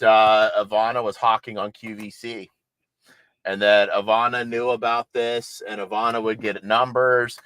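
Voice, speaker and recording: A man's voice: on the low side, fairly bright tone, no echo, rough recording. A man hosting a livestream with political commentary, speaking in a blunt, exasperated and mocking way. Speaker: host.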